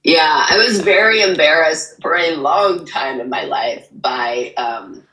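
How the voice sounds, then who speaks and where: A woman's voice: low-pitched, slow, sharp tone, reverberant, poor audio. A woman author candidly telling her personal story as an interview guest, rambling with many fillers. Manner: rambling, frequent fillers, emotional retelling.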